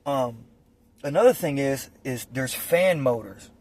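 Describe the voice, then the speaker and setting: Animated yet measured, a man with a medium-pitched, darkish voice recounts prison life over a little hiss or hum. He tells his stories in a blunt, profane, rambling phone-recorded monologue packed with fillers.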